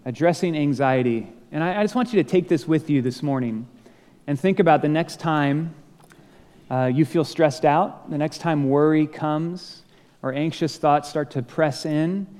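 A man's voice: a little high, a little slow, a little mellow. A man preaching a sermon as pastor, conversational and lightly humorous, acting out bits of dialogue. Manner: conversational, self-deprecating humor, acts out dialogue. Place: church sanctuary. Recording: long reverb of a large hall.

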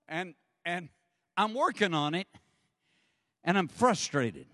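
A man's voice: high voice, big pitch swings, takes it slowly, pushed and bright, dry recording, clean studio sound, long reverb tail. A man preaching a sermon, telling a funny story with lots of animation, acting out voices and laughing often. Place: church sanctuary.

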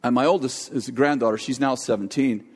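An older man preaching a sermon, telling a jokey family story in an animated way. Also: medium pitch, fast talker, husky. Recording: long hall reverb.

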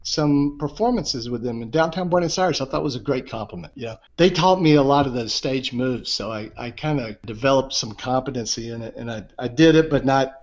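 A man telling an anecdote in casual conversation, animated and self-deprecating, filling pauses with "you know". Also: mid-range voice. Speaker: guest. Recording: dull lo-fi sound.

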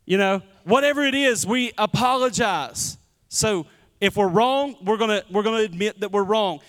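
This pastor speaks at a normal speed in a high, somewhat bright voice. His sermon is chatty and full of call-outs to the congregation, echoing through a church sanctuary with long hall reverb.

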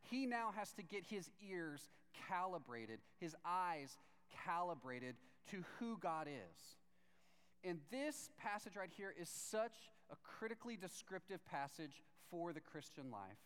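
A man in his thirties preaching a sermon as a pastor, lively and conversational, acting out voices as he tells the story. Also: sits high, a little slow, smooth. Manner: animated, acts out voices while reading scripture. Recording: long reverb of a large hall.

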